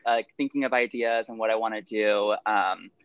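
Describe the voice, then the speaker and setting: A man's voice: on the low side, fairly even intonation, clear, resonant tone, no room sound, highs cut off. A young man with a Texas Southern accent, chatting as a podcast guest in an upbeat, talkative way. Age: young adult. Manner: chatty and upbeat, quick bursts of talk. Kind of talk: casual interview chat.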